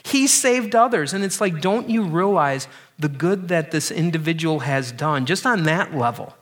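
A man preaching a sermon, earnest and emphatic, often repeating words and dropping low and slow on key lines. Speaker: pastor.

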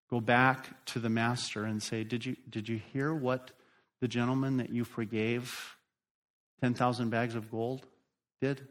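A middle-aged male pastor preaching a sermon, emphatic and building in force at key points. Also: mid-range voice. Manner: slow, emphatic preaching that rises and drops in force.

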